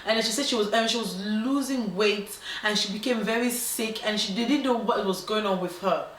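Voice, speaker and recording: A woman casually telling a dilemma story as host. She talks in an animated way, acts out the quoted voices, and often stops on ums and restarts. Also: mid-range voice, moderate pace. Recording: roomy echo, faint background noise.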